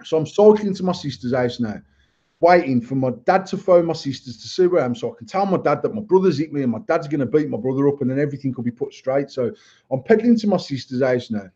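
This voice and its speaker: Guy spinning a sweary story, laughing along, kinda husky, dull muffled audio. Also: a little high. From United Kingdom. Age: adult. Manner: sweary, animated, laughs through his own story. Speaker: podcast co-host. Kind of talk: casual storytelling banter. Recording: dull lo-fi sound.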